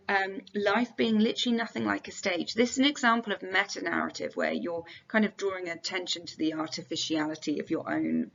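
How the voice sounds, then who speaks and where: A woman teaching a revision lesson and walking the listener through quoted lines. Her voice has a gravelly, creaky edge. The recording sounds a little dull and lo-fi. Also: lowish voice, fairly bright tone. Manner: explanatory, reads quotations aloud. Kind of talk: exam revision tutorial.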